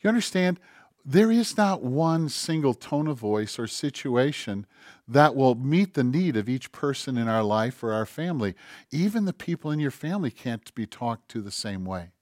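A man preaching a conversational sermon, swinging between loud emphasis and hushed, quiet quoting. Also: mid-range voice, sing-song, moderate pace, no echo, clean studio sound. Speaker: pastor.

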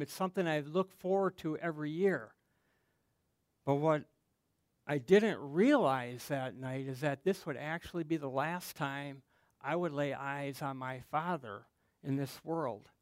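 A man's voice: on the high side, no room sound. Earnest middle-aged man preaching, dry sound. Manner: earnest, halting, emotional storytelling. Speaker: pastor. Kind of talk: personal sermon.

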